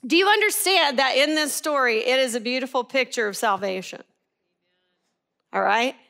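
Lively high-voiced woman teaching. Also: normal speed. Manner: animated, laughs at herself, rising to high excited pitch. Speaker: bible teacher. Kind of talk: devotional bible teaching.

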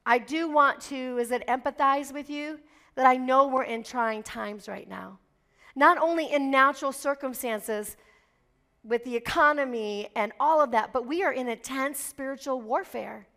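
A woman's voice: sits high, moderate pace, pushed and bright. A middle-aged woman pastor preaching a sermon, fervent and emphatic, building in intensity as she exhorts.

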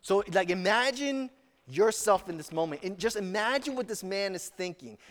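A man's voice: high-pitched, lively intonation, moderate pace, a bit bright, in a large hall. A man preaching a sermon as pastor, telling stories earnestly with frequent restarts.

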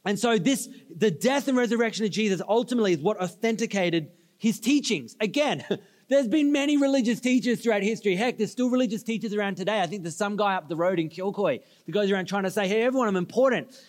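High-voiced pastor in an echoing hall. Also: male voice, fast talker. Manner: storytelling, conversational asides, audience call-and-response. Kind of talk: sermon. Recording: reverberant hall.

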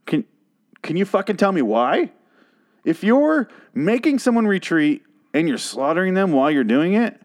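A man's voice: fairly high pitch, very animated, moderate pace, darkish tone. A man casually recapping a TV episode, ranting angrily and profanely, often restarting his sentences. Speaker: TV episode reviewer.

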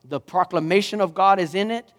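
A man pastor preaching a sermon, animated and rising to emphatic questions. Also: high-pitched, a little fast, big-room sound.

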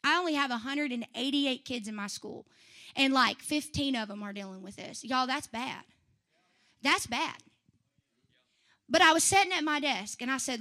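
Bright, high-voiced woman giving testimony. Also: normal speed. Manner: lively, chatty, laughs often, talks back to the audience. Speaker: church member giving a testimony. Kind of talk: personal testimony to a congregation.

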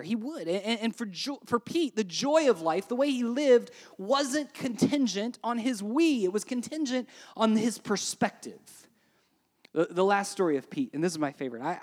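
A pastor preaching a sermon in a chatty, animated way, often checking in with "right?" and swinging between quiet and loud. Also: mid-range voice. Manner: conversational, with frequent "right?" asides.

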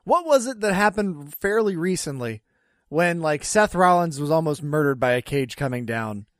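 A man co-hosting a casual wrestling review podcast, relaxed, reading out match details with quick laughs. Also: a little high, dry recording, studio quality. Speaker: podcast co-host.

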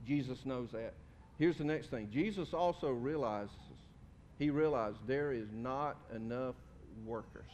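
A man's voice: expressive, a little slow, darkish tone. A man preaching a sermon in a folksy, conversational way, asking his congregation questions. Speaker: pastor. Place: church sanctuary. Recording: reverberant hall with faint rumble.

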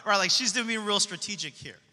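Bright-voiced casual young-sounding preacher. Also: male voice, high-pitched, a little fast. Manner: casual, slangy storytelling. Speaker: pastor. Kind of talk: sermon. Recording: long hall reverb.

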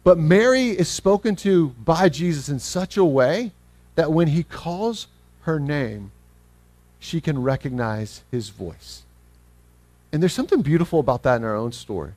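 A man preaching a sermon as pastor, earnest, reading scripture slowly and acting out the people in the story. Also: a little high, lively intonation, a little mellow, no echo. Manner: earnest, acts out scripture quotes; slows down when reading scripture.

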